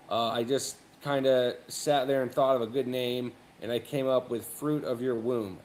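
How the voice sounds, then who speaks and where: A man telling a personal story as a guest on a casual panel, relaxed and rambling with many fillers. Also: mid-range voice, normal speed, few pauses, slight background noise.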